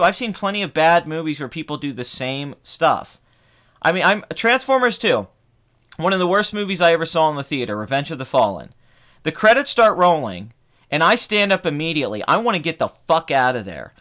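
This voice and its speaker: A young man in his twenties rants in casual live stream chat, swearing freely. His voice sits somewhat high for a man. It jumps up and down with lively energy. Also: normal speed. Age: 20s. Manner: profane, heated ranting. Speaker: film review channel host.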